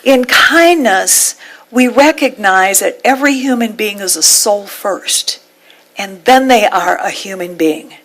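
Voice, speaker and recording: A woman minister giving a sermon, telling a heartfelt story with measured pauses. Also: mid-range voice, lively intonation, a bit bright, rough recording.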